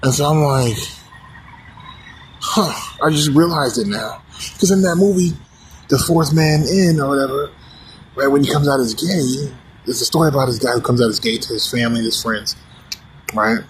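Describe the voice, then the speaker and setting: A man's voice: mid-range voice, moderate pace, pauses often, slight background noise, rough recording. A man from the United States in a casual, profane rant to the camera, rambling with many restarts.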